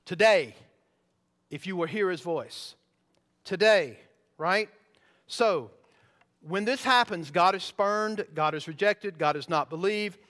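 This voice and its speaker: A man with a notably high voice preaches a sermon in a church sanctuary. He teaches with emphasis and keeps putting questions to the congregation. His voice rings with the long reverb of a large hall. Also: slow, long pauses, fairly bright tone. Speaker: pastor.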